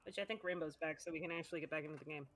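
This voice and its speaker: A woman player at a tabletop game, chatting casually with quick asides and laughs. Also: low voice.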